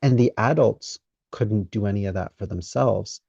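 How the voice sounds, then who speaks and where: A man hosting a podcast interview, talking in a measured, deliberate way with pauses mid-sentence. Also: on the low side, vocal fry, warm tone, slightly rough, dry recording. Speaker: podcast host. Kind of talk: conversational interview. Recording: dry, dull lo-fi sound.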